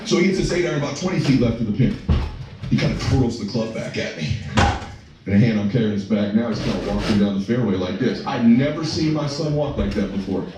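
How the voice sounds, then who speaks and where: A man telling a personal story as a father, emotional and breathless, swearing and breaking into shouts. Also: mid-range voice, animated, fast talker, noisy background. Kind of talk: animated storytelling to an audience. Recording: echoey room from far off with music.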